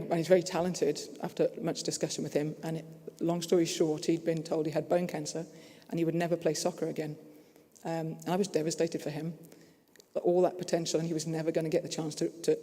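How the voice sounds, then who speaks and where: A man with a New Zealand accent and a warm voice on the high side gives an earnest conference talk built around stories. It is recorded in an echoey conference hall.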